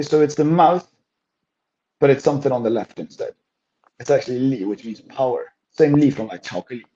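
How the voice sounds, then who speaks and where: Mellow-voiced man teaching a language lesson. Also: medium pitch. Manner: patient, explaining step by step. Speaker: Chinese teacher. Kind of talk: language lesson with code-switching. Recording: dull lo-fi recording.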